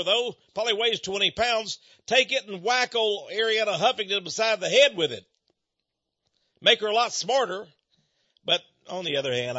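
Older guy rambling on, husky and kinda high, bright edge, folksy preachy monologue. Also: dry recording. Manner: folksy, rambling, with chuckles and asides; preachy when quoting scripture. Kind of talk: monologue commentary. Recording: muffled dry lo-fi recording.

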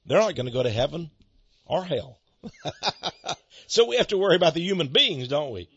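A man's voice: a little high, big pitch swings, moderate pace, fairly bright tone, slightly rough, no echo. A male pastor giving a folksy, storytelling sermon on a dull, lo-fi recording. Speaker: pastor and ministry head. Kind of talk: radio sermon monologue.

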